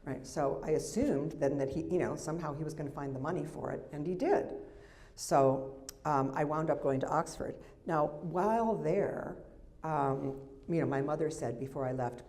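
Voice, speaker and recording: A woman's voice: low voice, moderate pace, darkish tone. A woman in her sixties from the United States, a memoir author reading aloud to an audience into a microphone, adding wry, chatty asides between passages. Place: festival reading event.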